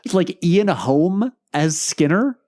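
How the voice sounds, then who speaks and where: Animated man in casual chat. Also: sits high, slow pace. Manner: animated, lively storytelling. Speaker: podcast guest, filmmaker.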